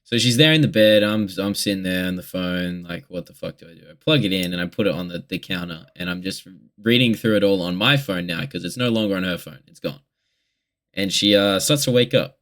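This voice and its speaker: A man's voice: sits low, brisk, fairly bright tone. A young man in a casual confessional vlog monologue, rambling and candid with heavy swearing. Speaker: vlogger.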